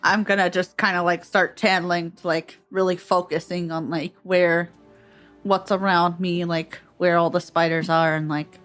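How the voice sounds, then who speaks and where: A woman's voice: on the low side, little pitch movement, normal speed, fairly bright tone, soft background music. A woman player in a tabletop game, talking in a hesitant, rambling way. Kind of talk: tabletop role-play.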